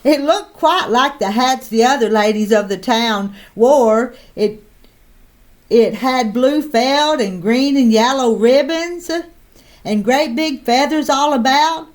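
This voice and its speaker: A woman reading a children's picture book aloud in a slow, expressive way. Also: sits high. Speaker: storyteller.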